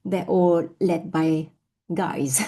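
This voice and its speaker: A woman's voice: fairly low pitch, fairly even intonation, very slow, gravelly, dark tone, breathy edge. A woman giving an earnest online talk, thinking aloud and asking rhetorical questions over a video call. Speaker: guest speaker.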